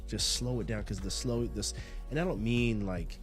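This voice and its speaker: Laid-back rambling man, low voice. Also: moderate pace, soft background music. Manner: rambling, repeats and restarts phrases, laid-back. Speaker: podcast host. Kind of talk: casual motivational monologue.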